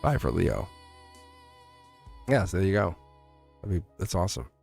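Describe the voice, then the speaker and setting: A man with a fairly low voice hosts a tarot livestream and chats casually with his viewers. His pitch swings a lot as he rambles, chuckles and keeps restarting his sentences. Soft music plays faintly behind him. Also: very animated, moderate pace, vocal fry. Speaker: tarot reader and livestream host.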